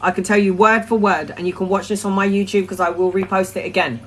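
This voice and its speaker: A talkative woman hosting a casual spiritual live stream, her voice sitting at an ordinary middle pitch. She chats loosely with plenty of ums and uhs, then drops into soft, repeated mantra chanting that fades lower. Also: steady tone, fast, a little hiss or hum. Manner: talkative, with frequent um and uh. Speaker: spiritual live-stream host answering questions.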